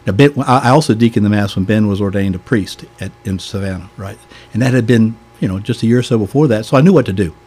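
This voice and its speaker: Older man, Southern American accent, folksy storyteller, deep-ish, breathy. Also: fast, a little mellow. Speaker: deacon. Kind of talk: storytelling in a podcast interview.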